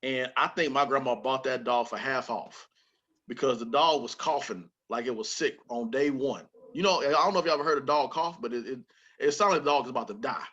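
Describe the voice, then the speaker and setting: A man hosting a podcast, telling a childhood story in a casual, animated way with plenty of swearing. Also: mid-range voice, a little fast, highs cut off. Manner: animated, swearing, repeats words when excited. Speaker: podcast host.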